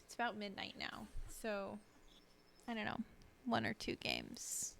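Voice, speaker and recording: In a mid-range, slightly bright and creaky voice with huge pitch swings, a young woman talks unhurriedly on a late-night stream, sleepy and yawning. Her chat is rambling, self-deprecating and scattered, and there's a little background noise at her desk mic.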